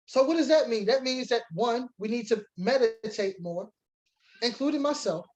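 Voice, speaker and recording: A man's voice: very high voice, a little mellow, poor audio. Man, congregation teacher, sermon-style Bible lesson, emphatic preaching, casual asides, reads scripture aloud.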